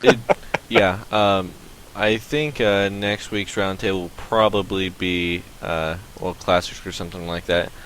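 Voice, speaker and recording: A man hosting a casual podcast roundtable, relaxed and hesitant, with many filler sounds. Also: deep voice, a little slow, few pauses, a little hiss or hum, poor audio. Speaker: podcast host.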